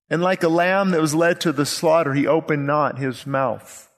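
A man with a high voice preaches in a long-reverb church hall. He is animated and acts out the people he quotes as he goes. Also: moderate pace. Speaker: pastor. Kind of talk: sermon. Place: church sanctuary.

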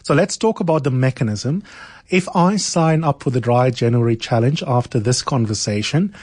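A man hosting a radio interview, asking measured, probing questions. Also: mid-range voice, a little mellow, no echo. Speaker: radio host.

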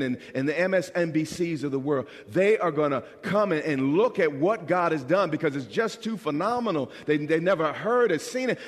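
Male pastor, fairly high voice, animated sermon delivery with call-and-response, long hall reverb. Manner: preaching with call-and-response questions to the congregation; animated, acts out quoted voices.

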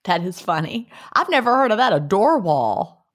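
A woman's voice: medium pitch, big pitch swings, normal speed. A middle-aged woman co-hosting a casual chat show, reading listener submissions and playfully repeating odd words. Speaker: podcast co-host.

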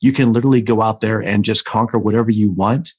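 A man's voice: fairly low pitch, steady tone, fast, a little mellow, slightly rough. A man hosting a podcast, enthusiastic and telling stories as he talks with his guest. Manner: enthusiastic, storytelling. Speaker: podcast host. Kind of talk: casual interview talk.

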